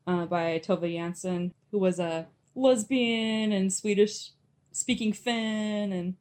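A woman's voice: medium pitch, takes it slowly, darkish tone. A woman co-hosting a casual podcast, chatting enthusiastically about films. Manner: enthusiastic, chatty, laughs easily. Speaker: podcast co-host. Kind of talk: casual film review chat.

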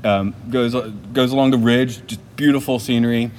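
A man's voice: mid-range voice, steady tone, normal speed, darkish tone, a little hiss or hum. A man co-hosting a casual film podcast, laughing often and trailing off with fillers. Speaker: podcast co-host. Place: lives in Japan.

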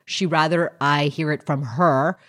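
Low-voiced young woman in candid chat. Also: fairly even intonation, unhurried, fairly bright tone. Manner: chatty, filler-heavy, candid. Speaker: stand-up comedian, podcast guest. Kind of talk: casual podcast chat.

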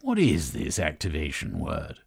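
A man voicing a pompous, blustering old lord who tacks "what?" onto his sentences, in a raised, husky voice. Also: rumbling low, huge pitch swings, unhurried, heavily acted.

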